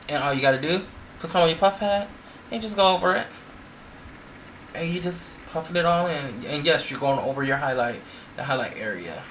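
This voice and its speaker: A man's voice: on the high side, sharp tone, a little hiss or hum. A man who performs in drag, talking through a makeup tutorial in a chatty, playful way with sassy asides.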